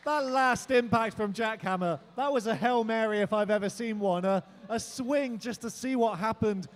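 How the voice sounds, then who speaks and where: A man giving live color commentary, calmly explaining the robots' tactics. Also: high-pitched, moderate pace. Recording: loud noisy venue, distant mic.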